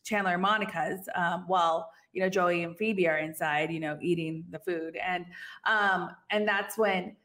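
A woman's voice: fairly low pitch, fairly even intonation, normal speed, fairly bright tone. A woman co-hosting a podcast, chatting casually, laughing often and acting out the characters' lines. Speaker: podcast co-host. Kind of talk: casual recap chat.

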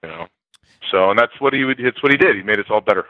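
Older male guest, lowish voice, spins lively anecdotes, slightly dull dry recording. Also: quick pace, no room sound. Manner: animated storyteller, acts out quotes loudly, laughs often. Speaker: former college football player, guest. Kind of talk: interview storytelling.

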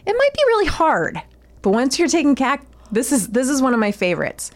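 A woman's voice: high-pitched, huge pitch swings, a little fast. A woman co-hosting a casual comedy podcast, reading a safety guide aloud and joking about it. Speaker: podcast co-host.

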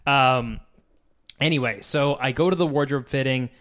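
A man co-hosting a casual chat podcast, telling an anecdote with a self-mocking touch and plenty of laughter. His pitch sits in the ordinary middle range for a man. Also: moderate pace, fairly bright tone. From United States. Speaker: podcast co-host.

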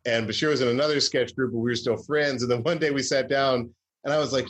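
A man's voice: medium pitch, steady tone, fast, fairly bright tone. A man from Georgia, a comedy writer, telling stories in a casual interview with many fillers and restarts.

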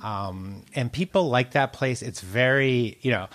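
A man's voice: mid-range voice, a little slow, a bit bright. A man, a food writer, chatting casually as an interview guest, rambling with lots of likes and ums. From United States. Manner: chatty, laughs often, many likes and ums.

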